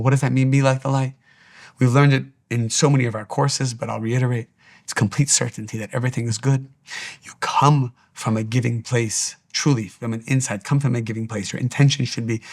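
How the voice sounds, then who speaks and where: Gravelly man giving earnest spiritual teaching. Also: medium pitch. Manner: earnest, repetitive exhortation.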